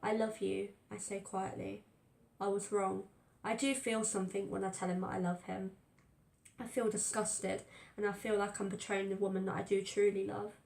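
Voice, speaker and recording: A woman's voice: medium pitch, little pitch movement, normal speed, gravelly, darkish tone, slight background noise. A woman narrating a first-person story aloud in a tense, fearful telling. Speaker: audiobook reader. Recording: roomy echo.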